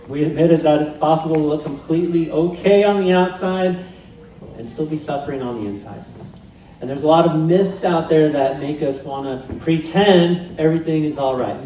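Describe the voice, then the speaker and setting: A man's voice: fairly high pitch, dark tone, a little hiss or hum. A male pastor preaching a sermon in a conversational way with light humor. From Pacific Northwest, USA. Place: church sanctuary. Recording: roomy church sound from a distant mic.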